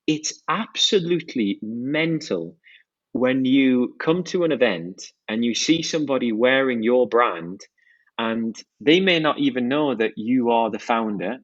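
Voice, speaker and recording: A man's voice: mid-range voice, animated, measured pace, no room sound. Male guest, enthusiastic founder, dry and slightly dull recording. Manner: enthusiastic, fluent product talk with restarts. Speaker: watch brand founder, guest. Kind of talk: podcast interview.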